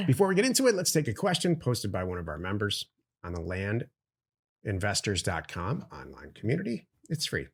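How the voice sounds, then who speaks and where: A man's voice: lowish voice, wildly swooping pitch, moderate pace, gravelly, husky. A middle-aged man co-hosting a casual business podcast, explaining things plainly and giving blunt opinions. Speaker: podcast co-host.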